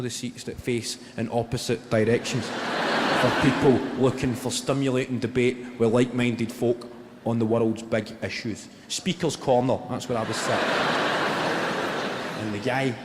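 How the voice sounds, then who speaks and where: A man doing stand-up, telling a story in a deadpan, sweary way with rambling asides, live in a comedy venue. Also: mid-range voice, long reverb tail, background noise.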